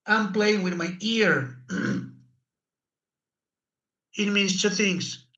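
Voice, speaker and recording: Bright-voiced man teaching English slowly. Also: high-pitched, expressive, low-quality recording. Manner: explains with repeated fillers and restarts, demonstrating gestures. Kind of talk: online course lesson.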